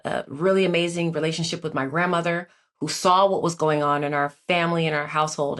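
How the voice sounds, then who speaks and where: A woman in her forties speaks in a fairly low voice as an interview guest. She recounts her life earnestly and reflectively, often pausing on filler words as she gathers her thoughts. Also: fairly bright tone. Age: 40s. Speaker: guest, Olympic athlete. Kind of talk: personal storytelling in an interview.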